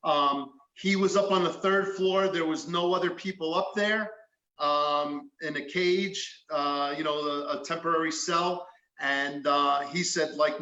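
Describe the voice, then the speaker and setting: A man's voice: on the high side, steady tone, unhurried, pushed and bright, roomy sound, lo-fi sound. A man, a former police detective, telling a story in a podcast chat, acting out quotes and swearing freely.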